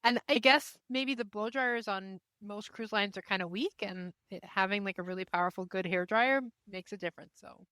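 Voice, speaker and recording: Podcast host, woman, mid pitch, dry close recording, friendly curious interviewer. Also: moderate pace, few pauses, bright, forceful tone, no echo. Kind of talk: casual interview chat.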